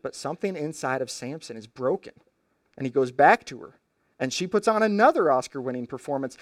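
Animated casual male preacher. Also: medium pitch, a little fast, no echo, studio quality. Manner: conversational, animated retelling with slang asides. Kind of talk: storytelling sermon.

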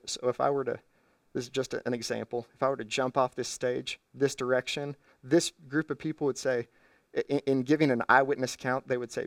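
A man's voice: mid-range voice, dry recording, studio quality, far from the mic. A man preaching a sermon from a church stage, teaching his congregation step by step in an earnest way. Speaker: pastor.

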